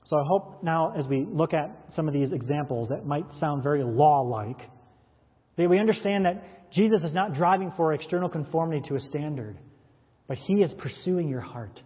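A pastor preaching a sermon, reading scripture verses aloud and explaining them with rhetorical questions. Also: male voice, fairly high pitch, animated, moderate pace, breathy edge. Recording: echoey hall, tinny phone-like sound.

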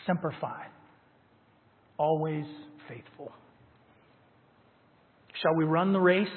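A man preaching a sermon as pastor, emphatic and stressing key words. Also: on the high side. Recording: tinny phone-like sound with long hall reverb.

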